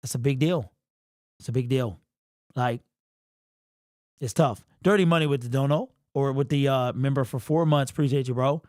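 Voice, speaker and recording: A man's voice: medium pitch, normal speed, long pauses, a little mellow, no room sound, studio quality. A young man hosting a casual livestream, rambling and slangy, emotional and sniffly. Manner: rambling, repeats and restarts, slangy. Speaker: livestream host.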